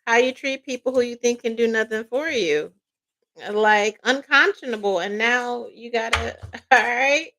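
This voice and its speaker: A woman giving a casual tarot reading, loud, profane and laughing often, slipping into playful quoted voices. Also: on the high side, unhurried, a little hiss or hum. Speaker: tarot reader.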